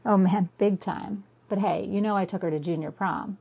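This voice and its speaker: A woman's voice: mid-range voice, steady tone, normal speed, creaky, warm tone, husky. A woman reading a cocky, smirking young man. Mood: smug.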